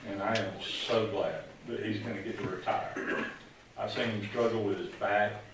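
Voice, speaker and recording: A man's voice: on the low side, steady tone, normal speed, noisy background. Folksy man in an echoey hall. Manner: folksy, rambling storyteller with many fillers. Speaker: retired police officer giving a retirement tribute. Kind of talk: storytelling speech at a retirement ceremony. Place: large room at a ceremony. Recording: echoey room, speaker far from mic.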